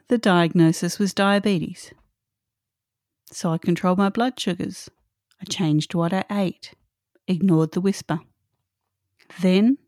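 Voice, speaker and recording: A woman's voice: fairly low pitch, darkish tone, dry recording, studio quality. A middle-aged woman hosting a solo podcast, earnest and emphatic, repeating her key points. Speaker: podcast host.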